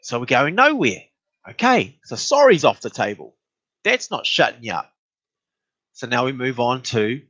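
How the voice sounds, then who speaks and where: A man's voice: moderate pace, long pauses, dry recording. A man telling a story about an argument in a casual, exasperated way. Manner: animated, exasperated retelling with rising pitch.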